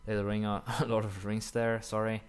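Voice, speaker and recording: A young man commenting casually while playing a strategy game, rambling with many fillers and quick apologetic asides. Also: lowish voice, flat delivery, clean tone. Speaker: gaming commentator. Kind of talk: casual let's-play commentary.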